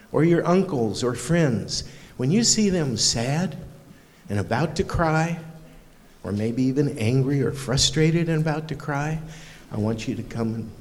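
A male pastor giving a children's sermon in a church, warm and playful, quizzing the kids with questions. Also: fairly high pitch, slight background noise. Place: church sanctuary. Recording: long hall reverb in a church.

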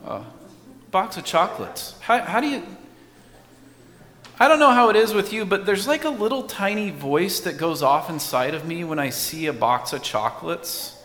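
A man's voice: high-pitched, animated, moderate pace, fairly bright tone, big-room sound. A man preaching a sermon in a conversational way, asking his congregation questions as he goes. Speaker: pastor.

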